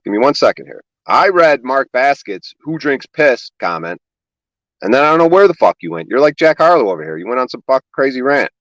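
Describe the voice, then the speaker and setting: A man's voice: medium pitch, no echo, rough recording. A man guest on a livestream podcast, ranting in a sarcastic, exasperated, profane comedic style. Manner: loud, exasperated, sarcastic, rapid-fire swearing.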